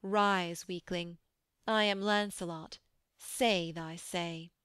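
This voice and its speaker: Woman doing stern proud knight guy, cold and bossy, slow. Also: on the low side, steady tone, fairly bright tone, smooth, no echo, clean studio sound. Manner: cold and commanding.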